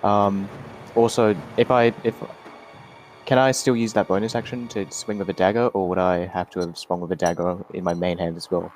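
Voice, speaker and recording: An Australian man plays a tabletop game, speaking hesitantly and filling his questions about the rules with ums. His voice is somewhat low. Faint music plays in the background. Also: little pitch movement, moderate pace, darkish tone. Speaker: player. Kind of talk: casual tabletop play.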